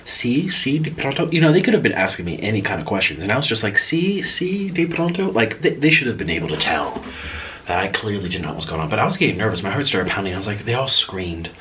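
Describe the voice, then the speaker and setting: A man's voice: sits low, very animated, rapid-fire, sharp tone, a little hiss or hum, rough recording. A man telling a story in a casual vlog while eating noodles at home at night. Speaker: vlogger.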